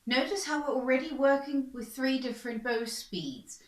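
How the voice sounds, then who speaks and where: A woman violin teacher explaining bowing technique in a calm, patient, step-by-step way. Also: high voice, normal speed. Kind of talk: instructional explanation. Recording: echoey room. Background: violin playing between explanations.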